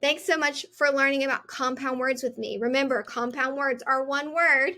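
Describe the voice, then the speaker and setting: A woman teaching a children's phonics lesson, sounding out each word clearly and encouragingly. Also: high voice, fairly even intonation, normal speed, sharp tone.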